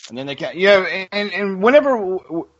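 A man's voice: high voice, expressive, fast, fairly bright tone, dry recording. A man co-hosting a casual podcast chat, talking hesitantly and often repeating words. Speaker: podcast co-host. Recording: dull lo-fi podcast audio.

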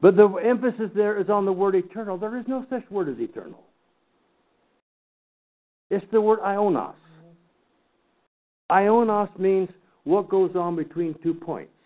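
Bible teacher, man, higher-pitched, folksy teasing lecture, tinny phone-like sound. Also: animated, measured pace, long pauses. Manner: folksy, teasing asides to the class. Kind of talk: lecture to a class.

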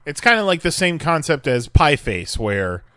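A man co-hosts a casual podcast, chatting in an excited, joking way. His voice is bright and sharp, with lively swings in pitch. The sound is dry and close. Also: moderate pace, smooth, no room sound. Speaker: podcast co-host. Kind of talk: casual chat.

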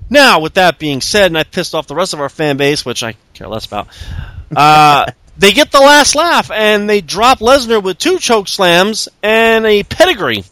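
A man's voice: high-pitched, very animated, normal speed, bright, forceful tone, no room sound. A man hosting a podcast, giving a sarcastic, profane casual recap. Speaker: podcast host. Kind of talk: casual wrestling recap chat.

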